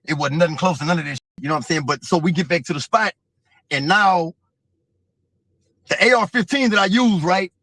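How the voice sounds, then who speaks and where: A man's voice: high-pitched, fairly quick, pauses often, sharp tone, no echo. A man telling a profane, vivid story as an interview guest. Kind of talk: casual storytelling.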